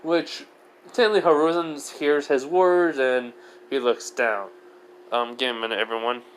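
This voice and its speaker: A man's voice: mid-range voice, steady tone, measured pace, a little hiss or hum, poor audio. A man casually narrating a fan fiction story, rambling with lots of fillers and self-corrections.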